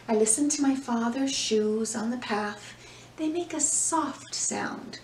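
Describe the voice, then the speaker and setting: A woman reading a picture book aloud to young children, slow and gentle, acting out the sounds, then leading breathing and movement. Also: fairly high pitch, slight background noise. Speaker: children's yoga and mindfulness teacher. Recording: echoey room, mic at a distance, soft music.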